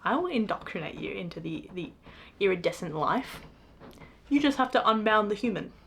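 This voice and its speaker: Woman voicing old aloof male dragon, calm, matter-of-fact, soft-spoken. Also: mid-range voice, normal speed.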